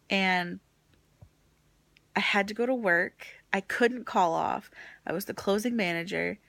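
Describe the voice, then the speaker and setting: A young woman vlogging casually, exhausted and nauseous, venting frankly about a rough stretch. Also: medium pitch, fairly bright tone, dry recording. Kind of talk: casual chat.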